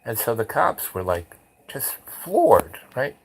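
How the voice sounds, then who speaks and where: A man's voice: mid-range voice, very animated, slow pace, breathy edge, low-quality recording. A man telling a long casual anecdote, rambling with restarts and acting out the dialogue. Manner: rambling, full of "you know" and restarts; acts out dialogue in retold conversations. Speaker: storyteller.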